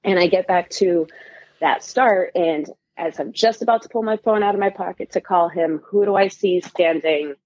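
Guest storyteller: husky-voiced woman, lively, acts out quotes, lo-fi dry recording. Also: lowish voice, moderate pace, no echo. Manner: animated, laughing, acts out quotes. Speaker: guest runner. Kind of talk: casual storytelling.

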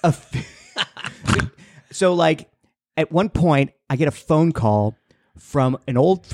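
A young man telling a long, rambling story on a casual podcast, jumping into high-pitched voices for the people in it. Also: animated, takes it slowly, a little mellow, dry recording, studio quality. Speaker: podcast co-host.

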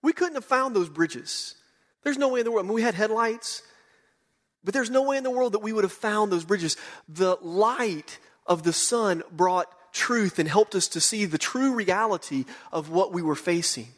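Animated preacher telling a story. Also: male voice, moderate pace. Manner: animated storyteller, voices quotes with rising pitch. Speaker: pastor. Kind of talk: sermon with personal story.

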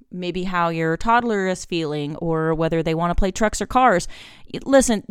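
A woman's voice: medium pitch, smooth, no room sound, clean studio sound. A woman in her forties hosting a solo podcast, giving candid, chatty parenting advice and acting out little family conversations. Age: 40s. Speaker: podcast host.

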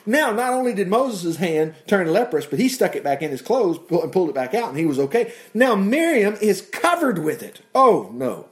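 A man teaching from the Bible in a conversational preaching style, breaking off for asides and exclamations and chuckling as he explains. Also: high-pitched. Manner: animated, with frequent asides and exclamations.

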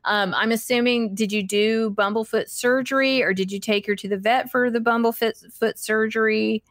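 A woman's voice: fairly high pitch, fairly even intonation, normal speed, dry recording, studio quality. A woman hosting a live stream, answering chat questions in a casual, chatty way, laughing often and restarting her sentences. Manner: chatty, giggly, self-deprecating, many fillers and restarts.

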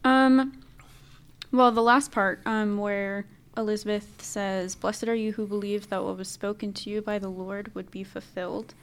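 Woman guest sharing thoughts slowly, um-ing a bit, average pitch. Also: fairly even intonation, smooth. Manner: thoughtful, hesitant with fillers. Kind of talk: casual chat.

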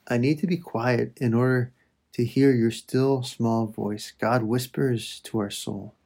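Slowly and reflectively, a man offers a prayer meditation, moving from prayer into gentle teaching with soft pauses. His voice is medium-pitched, mellow and darker, slightly husky, and held at a steady tone.

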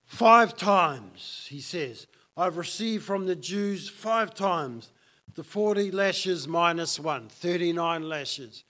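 A man's voice: a little high, animated, slow pace, sharp tone. A man preaching a sermon as pastor, emphatic and fond of repeating key lines for effect.

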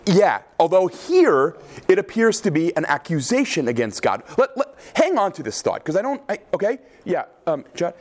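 Animated man teaching Psalms. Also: sits high, normal speed, hardly any pauses. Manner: animated, questioning, frequent "right?". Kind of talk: lecture with class discussion.

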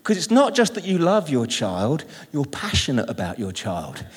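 A middle-aged British man preaching a sermon in a church, lively and humorous, calling out to the congregation. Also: medium pitch, normal speed, slightly rough. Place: church hall. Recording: long reverb in a large hall.

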